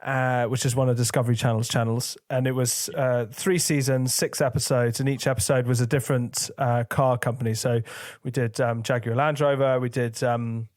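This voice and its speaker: A man's voice: medium pitch, little pitch movement, moderate pace, hardly any pauses, darkish tone, no echo, studio quality. A man chatting as a podcast guest, candid and crude, often laughing. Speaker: guest, video director and producer. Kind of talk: casual podcast chat.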